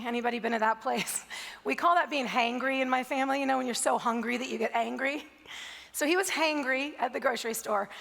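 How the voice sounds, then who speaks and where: A woman giving a motivational keynote talk on a conference stage, telling an animated story and asking the audience questions. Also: fairly high pitch, gravelly. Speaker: keynote speaker. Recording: reverberant hall.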